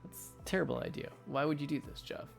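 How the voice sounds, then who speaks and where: Over music, a man speaks on the high side with fairly even intonation, a quick pace and vocal fry. He's a US artist in his thirties livestreaming at night from his home studio, drawing as he rambles with viewers and frequently laughs.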